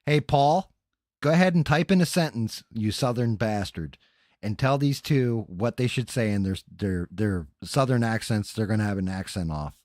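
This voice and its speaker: A man's voice: fairly low pitch, normal speed, darkish tone, dry recording, clean studio sound. A man hosting a casual livestream, bantering loosely and swearing with the live chat and his co-hosts. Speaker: podcast host.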